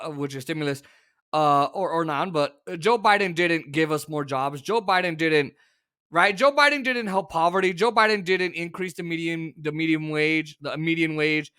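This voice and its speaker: Hosting a show of political commentary, this man sounds exasperated, sarcastic and full of opinions, with shouted bursts that come out of nowhere. He speaks on the higher side.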